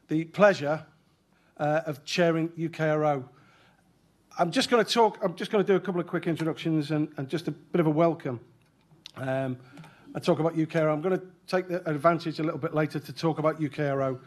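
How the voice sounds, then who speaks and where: A man from the UK chairing an event and giving a joking, chatty welcome speech in a function room. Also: a little high. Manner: joking, self-deprecating, chatty. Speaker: chair of rescue organisation, event speaker.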